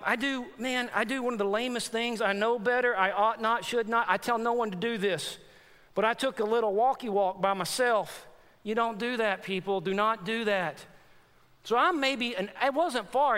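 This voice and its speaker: High-voiced man preaching in a reverberant church. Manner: animated, repeats phrases for emphasis, addresses congregation. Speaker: pastor. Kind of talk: sermon with personal story. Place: church sanctuary. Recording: long hall reverb in church.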